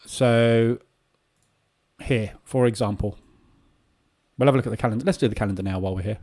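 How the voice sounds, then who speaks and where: A man's voice: mid-range voice, brisk, darkish tone. Chatty man, full of ums. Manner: casual, rambling, many filler ums. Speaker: trading room host. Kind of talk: live market commentary.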